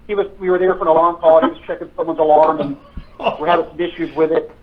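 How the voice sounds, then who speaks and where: A man's voice: a little high, little pitch movement, racing. A retired police officer, a man, telling stories in a casual chat, hesitant with many fillers and restarts. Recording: tinny phone-like line.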